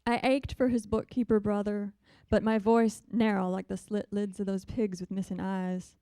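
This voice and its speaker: A woman's voice: mid-range voice, little pitch movement, normal speed, dark tone, clean tone, no room sound, close to an everyday voice. A woman voicing a bitter, weary butcher's wife in a Southern accent, reading in a raw, intense way. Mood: bitter, haunted. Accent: American Southern. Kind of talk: dramatic poetry reading.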